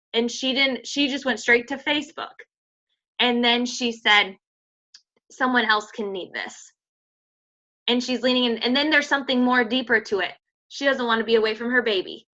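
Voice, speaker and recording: A pregnant woman in her thirties leading a motivational team call as a fitness coach, emphatic and full of "like". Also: on the high side. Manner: energetic, emphatic, filler-heavy pep talk. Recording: dull lo-fi audio.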